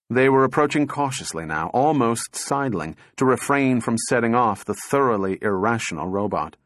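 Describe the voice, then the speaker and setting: Male narrator for scripted fiction, mid-pitched, measured and dramatic, dry booth sound. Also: animated, a bit bright, no room sound. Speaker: audiobook narrator.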